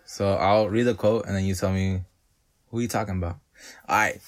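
A man's voice: low voice, fairly even intonation, a little fast. A man co-hosting a casual chat, loose and profane, joking around.

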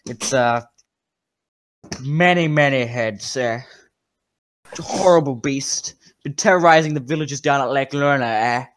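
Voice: mid-range voice, measured pace, long pauses, close to an everyday voice. A game master putting on a Canadian tavern keeper. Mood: folksy. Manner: ends every sentence with a questioning "eh". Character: gruff male tavern keeper with a Canadian accent. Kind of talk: game master voicing a character.

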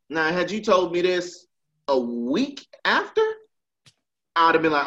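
A man's voice: fairly high pitch, sing-song, normal speed, fairly bright tone, dull audio. A man co-hosting a casual podcast, blunt and profane, mocking and laughing as he talks. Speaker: podcast co-host. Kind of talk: casual chat.

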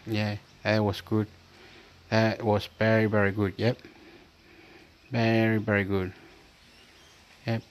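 A man's voice: lowish voice, little pitch movement, slow pace, long pauses. A man from Chile talking in a rambling, repetitive casual monologue, reading bits aloud from a screen as he goes.

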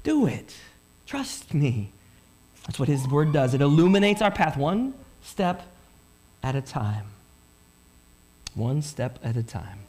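A man preaching a Sunday sermon as pastor, animated, asking rhetorical questions and voicing listeners' thoughts. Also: mid-range voice, a little slow, long pauses.

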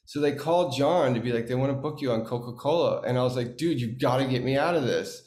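A man chatting as an interview guest, telling stories in a relaxed way and slipping into the voices of people he quotes. His voice sits at an ordinary middle pitch. The sound has a roomy echo around it. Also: quick pace. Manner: laid-back storyteller, acts out quoted dialogue. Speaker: actor guest. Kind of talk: casual interview chat.

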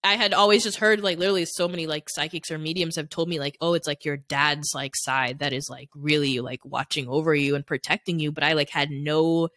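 Her deep, fairly bright voice stays steady as she talks a little fast with hardly any pauses. This young adult woman co-hosts a podcast, sharing personal stories in a candid, rambling casual chat packed with "like" fillers. The studio sound is clean, with no echo.

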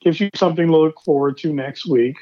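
A relaxed man talking on a podcast, his voice a little higher than most. The sound is dry and slightly dull, as if from a lo-fi mic. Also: fairly quick, dry recording. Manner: relaxed, asks follow-up questions. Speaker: podcast co-host. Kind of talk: casual wrestling talk.

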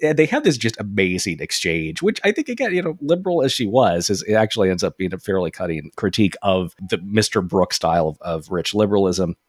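Man, low voice, very expressive; casual profane book-podcast host, dry close sound. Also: fairly quick, few pauses, dry recording. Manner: animated, profane, laughs often, reads quotes aloud. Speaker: podcast host discussing a novel. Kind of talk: casual literary discussion.

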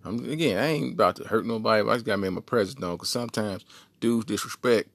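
Man, low pitch, dry close sound, laid-back slangy storyteller, podcast co-host. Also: fast talker, dry recording. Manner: laid-back, slangy, puts on high voices for quoted people. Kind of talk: casual storytelling.

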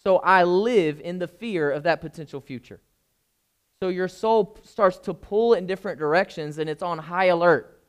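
Conversational pastor with a higher voice. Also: male voice, moderate pace, clear, resonant tone. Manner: informal, keeps checking in with the listeners. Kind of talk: conversational sermon.

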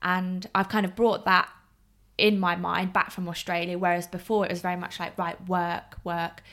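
A woman's voice: lowish voice, flat delivery, normal speed, a bit bright. A young woman in her twenties chatting casually, thoughtful and easygoing. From England. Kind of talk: casual chat.

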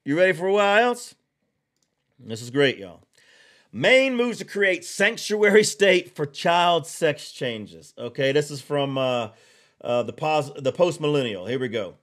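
Here the podcast host's pitch runs somewhat high, his delivery is expressive, and his tone is fairly bright. He offers heated, blunt political opinions, hammering points through slow repetition and drawled side remarks.

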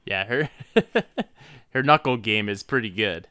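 A man's voice: on the low side, animated, slow pace, bright, forceful tone, clear, resonant tone, no room sound, clean studio sound. A man co-hosting a casual comedy podcast who rambles loosely and laughs often. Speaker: podcast co-host.

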